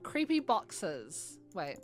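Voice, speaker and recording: Brief: woman streamer, mid-pitched, slow and rambling gameplay chat. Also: huge pitch swings, music in the background. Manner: meandering, hesitant, trailing off. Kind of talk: casual gameplay commentary.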